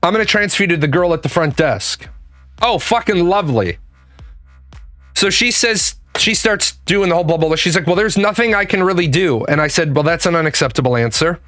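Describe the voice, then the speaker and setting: A man's voice: on the high side, animated, brisk, fairly bright tone, soft background music. A man telling a profane, exasperated story about an argument over a missed appointment, acting out both sides of the phone calls. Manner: exasperated, swears a lot, acts out phone calls. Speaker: podcast host.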